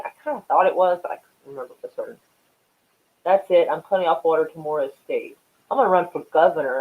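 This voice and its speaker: A woman from Oklahoma hosting a casual livestream, chatting with viewers in a profane, rambling way and often laughing at herself. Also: on the low side. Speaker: livestream host. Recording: tinny phone-like audio.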